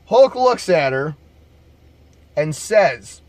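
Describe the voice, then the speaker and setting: A man's voice: high-pitched, lively intonation, takes it slowly, dry recording. A man casually telling bar stories to camera as a bouncer, laid-back, profane and jokey.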